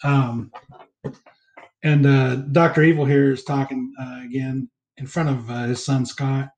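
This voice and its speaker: A man hosting a casual movie commentary chat, rambling through scene recaps with fillers and quick laughs. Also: medium pitch, little pitch movement, darkish tone, reverberant, poor audio. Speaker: podcast co-host.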